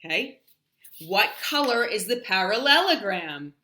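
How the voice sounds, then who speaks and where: Bright, animated woman teaching shapes. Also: medium pitch, reverberant. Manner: sings and drills words slowly, chatty asides. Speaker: English teacher livestreaming a lesson. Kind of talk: animated livestream lesson.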